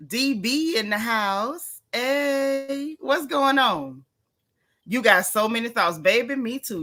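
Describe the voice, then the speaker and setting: A woman's voice: a little high, bright, forceful tone. A woman hosting a casual gossip livestream, greeting viewers in a folksy, chatty way. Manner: chatty, folksy Southern slang, calls everyone sis and baby.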